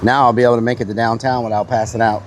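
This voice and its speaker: A man's voice: mid-range voice, little pitch movement, racing, music in the background. A man live-streaming outdoors in the heat, chatting playfully to his viewers and talking with his mouth full. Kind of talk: casual live-stream chat.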